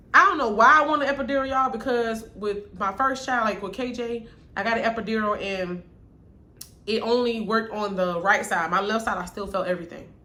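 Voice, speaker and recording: A young woman vlogger telling viewers a personal story in a candid, chatty way, calling them y'all and growing quiet at the sad parts. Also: medium pitch. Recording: echoey room with faint noise.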